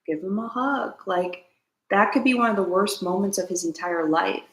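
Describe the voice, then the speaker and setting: Gravelly woman preaching self-help. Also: medium pitch, moderate pace, fairly bright tone, roomy sound, low-quality recording. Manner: earnest, preachy, repeats key lines, asks viewers to comment. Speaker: host. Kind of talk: spiritual self-help talk to camera.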